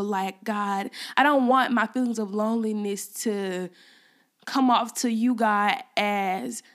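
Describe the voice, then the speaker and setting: A young woman hosting a faith podcast, talking in a rambling, heartfelt way with many fillers, close to tears at times. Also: medium pitch. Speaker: podcast host. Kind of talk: personal faith podcast talk.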